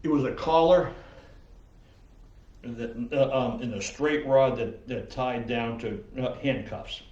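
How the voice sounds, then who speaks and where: A man's voice: mid-range voice, slow, a little mellow. A man preaching as pastor in a loose, conversational sermon, full of "uh, um" and acted-out quotes. He is heard from a distance in a roomy, echoing church, and the recording sounds somewhat dull. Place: church sanctuary.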